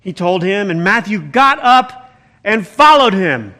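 A pastor preaches a sermon in an animated, conversational style, breaking in with exclamations as he reads and explains the text. His voice sits high and his pace is unhurried.

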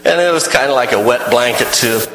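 A man's voice: medium pitch, a little fast, a bit bright, reverberant, big-room sound, a little hiss or hum, low-quality recording. A man telling a first-person story in character, rambling and folksy, with many restarts.

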